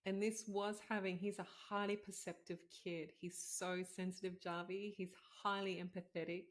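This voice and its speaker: A woman's voice: mid-range voice, level tone, normal speed. A woman in her thirties, a podcast host and doctor, telling a personal story in a heartfelt, conversational way with many fillers.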